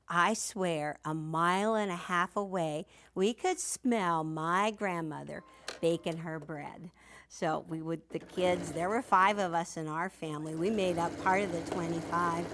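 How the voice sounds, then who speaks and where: A woman's voice: on the low side, a bit bright. Chatty older woman teaching quilting. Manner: chatty, folksy, mixes family stories into instructions. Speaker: quilting instructor. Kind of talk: sewing demonstration.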